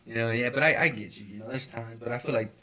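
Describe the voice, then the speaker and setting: A man's voice: mid-range voice, steady tone, fast talker, pushed and bright. A young man co-hosting a casual podcast chat, rambling at length with lots of swearing and "you know, like" fillers. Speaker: podcast co-host.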